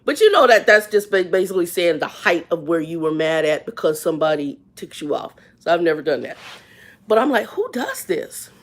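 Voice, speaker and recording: A woman in her fifties tells a story on a live stream, folksy and plain-spoken, swinging between loud outbursts and hushed asides. Her voice is low, and she talks briskly with few pauses.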